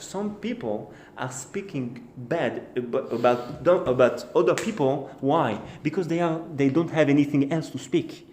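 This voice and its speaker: Halting rabbi telling a story in an echoey room. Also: male voice, a little high, lively intonation, darkish tone. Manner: halting, repeats and restarts phrases; acts out the birds and the king in short quoted bits. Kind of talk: storytelling sermon. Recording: echoey room with faint noise.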